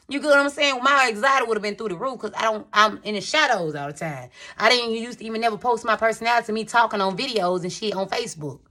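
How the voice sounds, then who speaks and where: A woman's voice: medium pitch, a bit bright. A woman giving a casual tarot reading, talking candidly to her viewers with slang and swearing. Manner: chatty, rambling, addresses viewers as y'all. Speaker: tarot reader.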